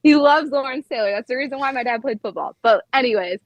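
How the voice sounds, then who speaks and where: A woman's voice: high-pitched, animated, fast talker, no echo, low-quality recording. A young woman, a flight attendant, telling stories in a casual podcast chat and filling her talk with "like". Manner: chatty, heavy use of "like".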